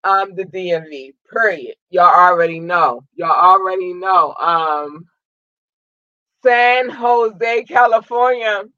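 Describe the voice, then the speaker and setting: A man from Maryland hosting a livestream, giving casual, effusive shout-outs to his listeners and often breaking into excited shouts. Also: high-pitched, slow pace, dry recording, lo-fi sound. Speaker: livestream host.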